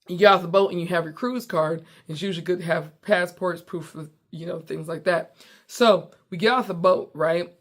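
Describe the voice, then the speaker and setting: A woman from the United States who hosts a comedy show, telling a story in casual, animated chat from her home basement and often breaking off mid-sentence. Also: lowish voice.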